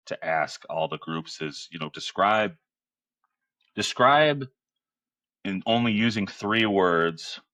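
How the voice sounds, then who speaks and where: Deep-voiced man, earnest and rambling. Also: pushed and bright, no echo. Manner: earnest, loose, full of "you know" fillers. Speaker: podcast guest, men's group facilitator. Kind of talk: casual interview chat.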